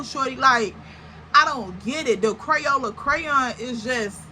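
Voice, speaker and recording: A young woman tells a storytime to camera. Her voice is bright and sits a little high. She talks in a slangy, animated way, piling up exaggerated comparisons, over a faint background hiss. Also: rough recording. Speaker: storytime vlogger.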